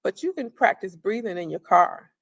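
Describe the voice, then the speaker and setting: Middle-aged woman teaching parents, calm chatty talk, a bit of vocal fry. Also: mid-range voice, normal speed. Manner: calm, conversational, repeats phrases. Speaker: parenting workshop presenter. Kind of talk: instructional talk.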